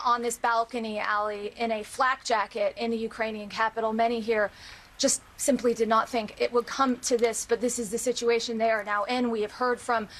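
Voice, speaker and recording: A woman reporting live as a foreign correspondent, measured, with frequent fillers. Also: fairly high pitch, fairly bright tone, a little hiss or hum.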